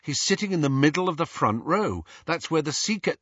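A man's voice: on the high side, animated, a little fast, a bit bright, husky, dry recording, recorded from a distance, voice pushed up. Man doing a guarded teenage boy. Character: tense determined teenage boy. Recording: dull lo-fi audio.

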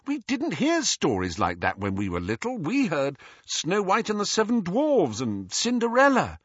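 A man voicing a bright, bookish teenage girl with a crisp, matter-of-fact manner in an audiobook reading. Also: high-pitched, huge pitch swings, moderate pace, dry recording, voice pushed up, exaggerated voice. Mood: brisk. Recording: dull lo-fi audiobook recording.

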